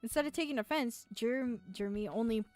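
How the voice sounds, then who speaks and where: Giggly woman streamer with a high voice. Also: a little fast, darkish tone, no room sound. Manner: playful, giggly, talks back to the characters. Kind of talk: let's play, reading a visual novel aloud. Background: faint game music.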